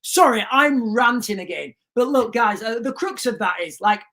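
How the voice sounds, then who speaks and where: A man's voice: extremely high pitch, expressive, normal speed, sharp tone. A man hosting a livestream, ranting emphatically, repeating himself and putting questions to his viewers. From United Kingdom. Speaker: livestream host.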